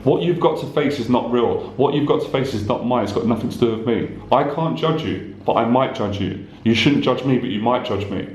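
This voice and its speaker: A man's voice: mid-range voice, a little fast, few pauses, reverberant, a little hiss or hum, low-quality recording. A man, a life coach, giving an intense, repetitive motivational talk straight to the viewer, swearing at times. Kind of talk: direct-to-camera motivational talk.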